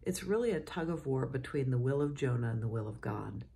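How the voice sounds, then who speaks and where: A woman's voice: rumbling low, animated, fairly quick, creaky, warm tone. A middle-aged woman, a cathedral dean, giving a morning devotion in a chatty storytelling manner and closing with a prayer. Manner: chatty storytelling, often chuckling.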